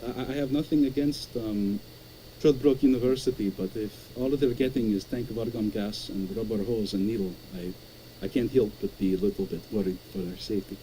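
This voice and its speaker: A man putting on a Russian accent as a caller, telling a story in halting, article-dropping speech with many repeated words. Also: fairly low pitch, dark tone, slight background noise, close to an everyday voice, low-quality recording. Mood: storytelling. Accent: put-on Russian.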